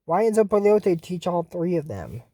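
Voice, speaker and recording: A woman chatting through a cartoon episode recap with a lively, swooping pitch. She rambles and cracks jokes in asides. The sound is dry and close, with no room in it. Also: moderate pace, no echo. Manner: rambling, jokey, trails off into asides.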